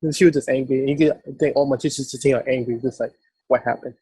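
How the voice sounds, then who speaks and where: Fast-talking husky man host. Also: mid-range voice, steady tone, mellow, no room sound. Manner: quick, joking anecdotes. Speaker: podcast host. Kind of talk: casual conversation.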